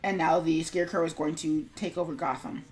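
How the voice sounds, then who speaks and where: A woman with a slightly low voice chats loosely with her viewers while working on an animation. She rambles with plenty of fillers and drifts into quiet mumbling. Faint music plays in the background. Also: fairly even intonation, a little fast. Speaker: streamer. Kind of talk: casual live-stream chat while animating.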